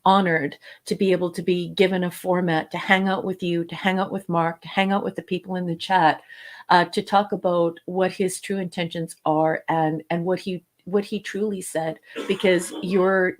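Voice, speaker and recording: A woman's voice: lowish voice, level tone, moderate pace. A woman co-hosting a casual livestream chat, earnest and heartfelt, with a hesitant delivery full of fillers. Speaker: co-host.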